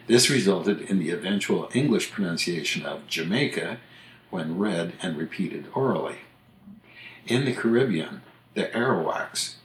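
A man's voice: low voice, a bit bright. An older man, a podcast co-host and author, chatting casually and reading a passage aloud. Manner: chatty, reads entries aloud. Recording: roomy echo.

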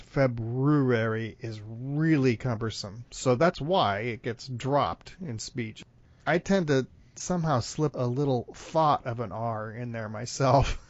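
A man's voice: medium pitch, dry recording. A man hosting a casual podcast chat in a friendly, easygoing way, laughing often. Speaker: podcast host. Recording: dry, dull lo-fi sound.

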